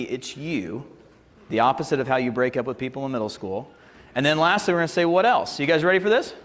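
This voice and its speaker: A man's voice: fairly high pitch, a bit bright. A man teaching a negotiation seminar in a casual, joking way, often checking in with "right?". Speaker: sales and negotiation trainer. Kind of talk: live seminar presentation with slides. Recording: long hall reverb.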